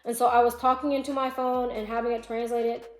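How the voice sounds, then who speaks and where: Chatty, high-voiced woman in a roomy space. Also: level tone, brisk. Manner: chatty, opinionated, thinks aloud. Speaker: vlogger. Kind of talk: casual commentary reading online posts. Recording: roomy echo, faint music.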